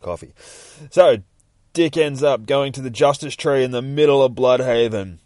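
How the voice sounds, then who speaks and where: A man hosting a podcast, casually recapping a comic book, excitable and swearing freely. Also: medium pitch, moderate pace, no room sound, clean studio sound. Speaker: podcast host.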